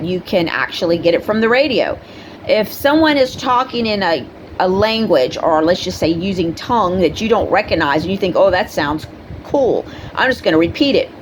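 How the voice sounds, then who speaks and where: A woman's voice: a little hiss or hum, rough recording. A middle-aged woman hosting a spiritual video, talking earnestly and conversationally with fillers and asides. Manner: acts out quoted people in a high voice. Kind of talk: casual spoken monologue to camera.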